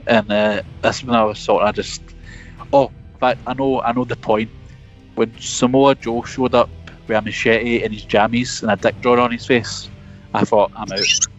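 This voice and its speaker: A man in casual podcast chat, blunt and opinionated, with a mid-pitched voice. His audio sounds a little dull and lo-fi. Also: fairly even intonation, moderate pace, soft background music. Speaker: podcast co-host.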